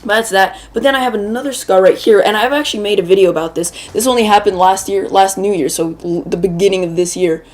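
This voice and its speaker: Quick and with few pauses, this mid-range female voice belongs to a gaming video host. She tells a meandering, talkative story as she plays a shooter game, stopping now and then to react to what's happening.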